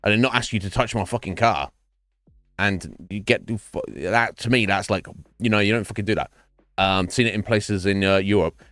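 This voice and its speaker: Rambling, sweary man, low voice. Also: normal speed, fairly bright tone, no room sound, clean studio sound. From England. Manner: rambling, sweary, self-mocking. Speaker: streamer. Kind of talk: casual chat while gaming. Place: home streaming setup. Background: faint game music.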